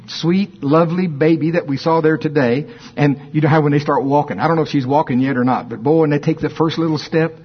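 A man's voice: on the high side, husky, muffled recording. A middle-aged male preacher preaching a sermon, telling stories playfully and acting out voices. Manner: animated storytelling, playful, acts out voices.

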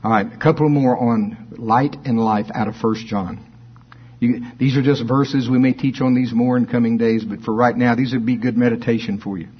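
A man's voice: mid-range voice, moderate pace, breathy edge, highs cut off. A middle-aged male preacher preaching a sermon, telling stories playfully and acting out voices. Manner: animated storytelling, playful, acts out voices.

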